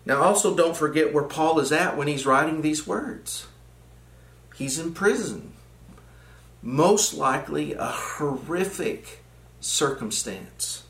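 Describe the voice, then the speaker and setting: A man's voice: on the high side, expressive, takes it slowly, creaky, fairly bright tone. A man leading a Bible study, reading verses aloud and explaining them, often repeating phrases for emphasis. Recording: echoey room.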